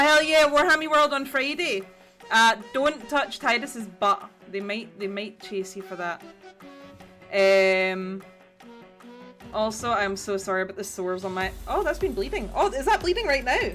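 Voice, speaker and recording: Woman streamer, bright voice, rambling casual chat, faint music in the background. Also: mid-range voice. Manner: rambling, chatty, frequent restarts and swearing. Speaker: livestream host. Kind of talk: casual chat while painting.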